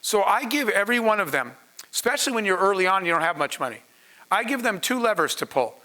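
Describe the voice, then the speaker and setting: A man's voice: sits high, big pitch swings, fast, pushed and bright. A man, a startup founder, telling a story to an audience in an earnest, conversational way with asides to the crowd. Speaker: startup founder speaking on a panel.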